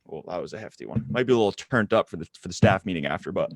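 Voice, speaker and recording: A man's voice: low-pitched, expressive, very fast, creaky, no room sound. A man co-hosting a casual podcast, joking and bantering with his co-host. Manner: laid-back, joking banter. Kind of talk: casual chat.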